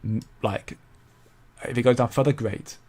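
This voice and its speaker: A man's voice: medium pitch, normal speed, darkish tone. A young man hosting a casual crypto commentary stream, rambling with many stumbles and repeated words while reading viewer comments. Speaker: crypto channel host.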